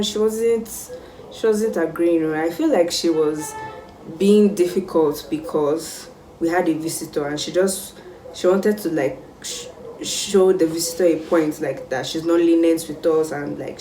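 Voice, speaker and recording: A young Nigerian woman telling a casual storytime vlog, animated and exclamatory. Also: lowish voice, distant mic, a little hiss or hum. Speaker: vlogger. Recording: roomy sound, mic set back.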